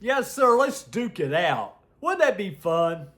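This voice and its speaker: A man from the United States rants to his vlog audience, blunt, crude and quick to laugh at his own insults. He talks slowly, his voice leaping high on the outbursts and sinking low on the asides, a little higher pitched than most men. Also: big pitch swings. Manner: heated, swinging between shouts and low asides. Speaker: political vlogger. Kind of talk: ranting opinion vlog.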